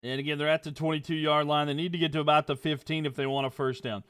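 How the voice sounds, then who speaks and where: A young man giving casual play-by-play commentary on a livestream, getting louder on big plays and dropping low when he talks to viewers. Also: flat delivery, clear, resonant tone. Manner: rises and quickens on big plays, drops low chatting with viewers.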